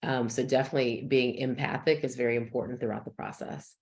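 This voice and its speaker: A woman psychologist, a guest on a video call, explaining in a reassuring, measured way. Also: very deep voice, fairly even intonation, darkish tone. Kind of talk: expert interview, conversational.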